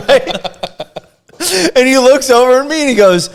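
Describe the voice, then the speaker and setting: A young man telling a funny story on a podcast in casual chat, animated and often laughing as he acts out the quotes. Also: very high-pitched, a little slow.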